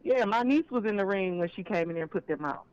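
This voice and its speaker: A man's voice: sits high, animated, fast, smooth, dull audio. A man calling in to a live show, telling his side in an emphatic, aggrieved way. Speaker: caller. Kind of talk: phone-in call on a live stream. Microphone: phone line.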